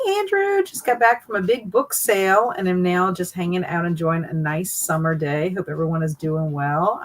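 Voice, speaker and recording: On a relaxed live stream, a middle-aged woman with a Southern US accent reads chat messages out loud and says hello to viewers by name. Her voice is medium-pitched, and the recording is of low quality.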